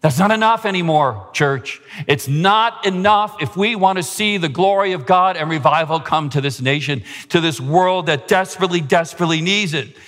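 Male pastor, fervent sermon delivery, slightly high voice, long church reverb. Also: normal speed, few pauses, fairly bright tone. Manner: impassioned preaching, rising pitch at climaxes. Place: church sanctuary.

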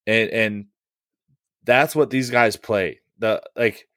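A man's voice: lowish voice, slow pace, fairly bright tone, no room sound, studio quality. A man co-hosting a baseball podcast, talking loosely with lots of fillers and swearing. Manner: loose and profane, many fillers. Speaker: podcast co-host. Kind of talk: casual sports podcast chat.

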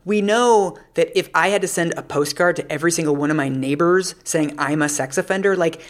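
Animated, emphatic woman in conversation. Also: deep voice, fairly quick. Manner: animated and emphatic, says "like" a lot. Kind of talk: casual discussion.

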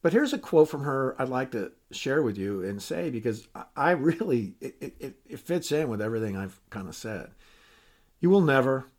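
Older male podcast host, retired, mid-pitched, candid and self-deprecating, a folksy monologue. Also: expressive, moderate pace, few pauses.

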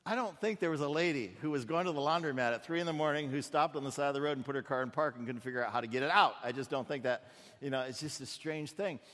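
A man's voice: on the high side, fast talker, fairly bright tone, big-room sound. A man preaching a storytelling sermon in a conversational way, often repeating words as he goes.

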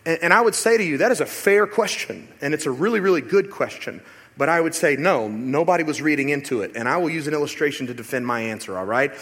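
A man preaching a sermon as pastor in a church, animated and rhetorical, sometimes acting out other voices. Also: on the high side, quick pace, breathy edge. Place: church sanctuary. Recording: long hall reverb.

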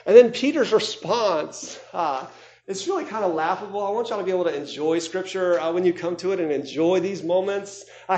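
A man preaching a sermon, conversational and animated, acting out the voices of people in the story. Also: sits high. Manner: conversational, many fillers and asides. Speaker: pastor. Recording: echoey room.

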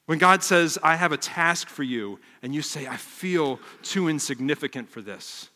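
A middle-aged man preaching a sermon with animated delivery, acting out quoted voices and dropping to a hush for emphasis. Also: fairly high pitch, normal speed. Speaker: pastor. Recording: long reverb of a large hall.

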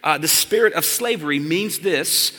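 High bright-voiced man preaching in a hall. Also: normal speed. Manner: animated preaching, direct appeals to listeners. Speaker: pastor. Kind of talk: sermon. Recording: long hall reverb.

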